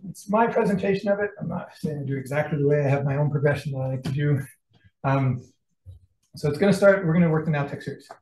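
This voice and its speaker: A man's voice: on the high side, fast talker, a little mellow. A man teaching a martial arts class, calling out combinations and checking in with his students, sounding out of breath. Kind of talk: class instruction. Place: training gym. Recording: echoey gym from far off.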